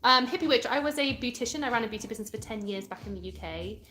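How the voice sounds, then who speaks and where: A woman's voice: on the high side, expressive, rapid-fire, pushed and bright, a little hiss or hum. A British woman from England in her thirties, chatting casually on a home live stream and answering viewer comments. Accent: British English. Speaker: livestream host. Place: indoors at home.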